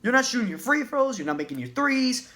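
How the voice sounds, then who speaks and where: A man's voice: extremely high pitch, sing-song, a little fast, sharp tone. A man ranting as a basketball fan in a vlog, agitated, profane and repeating himself. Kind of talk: sports rant vlog.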